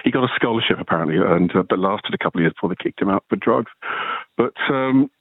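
Fast-talking husky man on a phone line. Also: sits low, no echo. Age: 60s. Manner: animated storyteller, acts out voices. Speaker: caller. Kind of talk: phone-in anecdote.

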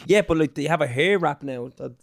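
A quick-talking man co-hosting a podcast, blunt and explanatory, swearing as he goes. He has a mid-pitched voice and sounds dry and close. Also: vocal fry, no room sound. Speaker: podcast co-host. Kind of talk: casual chat.

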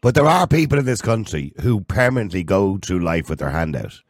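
A middle-aged Irish man hosting a radio talk show, measured and pushing back on claims. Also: sits low, lively intonation, dry recording, clean studio sound. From Ireland. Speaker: radio host.

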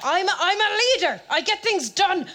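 A pompous, stammering male politician acted by a woman in a live comedy sketch. The voice sits high and leaps around as he blusters. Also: expressive, normal speed, sharp tone, exaggerated voice. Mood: blustering.

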